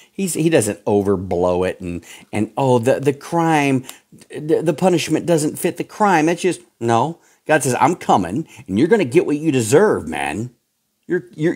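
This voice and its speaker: Fiery male preacher, lively swinging pitch. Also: breathy edge. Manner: fiery, swings from low growls to high shouts; folksy slang, calls listeners pal and folks. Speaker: pastor. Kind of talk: sermon.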